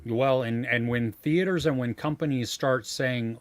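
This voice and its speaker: A man co-hosting a movie podcast in casual chat, jokey and animated, playing up mock threats. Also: mid-range voice, measured pace, few pauses, dry recording. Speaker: podcast co-host.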